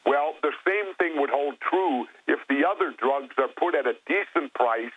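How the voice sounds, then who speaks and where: A man's voice: fairly high pitch, moderate pace, husky, no room sound. A man speaking as a guest in an interview, telling stories in a blunt, plain-spoken way. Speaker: guest, former governor. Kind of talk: phone-in interview talk. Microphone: telephone. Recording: tinny phone line.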